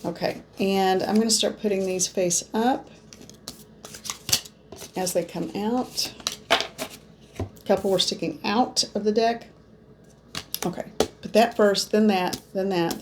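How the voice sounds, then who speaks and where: Woman, psychic card reader, musing aloud, mid-pitched voice, faint background hiss. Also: a little slow, pauses often. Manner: musing, talks through her cards aloud. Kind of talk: spoken tarot reading to viewers.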